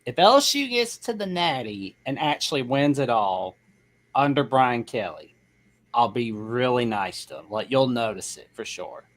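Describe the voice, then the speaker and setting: A man's voice: medium pitch, sing-song, moderate pace. A man co-hosting a sports call-in show, chatting casually with blunt, short remarks. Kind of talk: casual chat.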